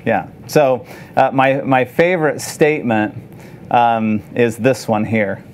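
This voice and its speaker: Guy teaching a photo workshop, chatty and lively, asks the class stuff, faint room hum behind. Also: mid-range voice, slow. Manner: animated, conversational, asks the audience questions. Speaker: photography instructor. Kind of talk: live workshop lecture.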